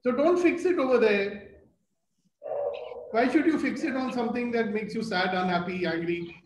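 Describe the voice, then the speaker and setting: A man's voice: high-pitched, moderate pace. An older man with an Indian English accent gives a playful motivational talk to a live group, telling stories and asking the audience questions. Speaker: motivational speaker. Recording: echoey room with faint noise.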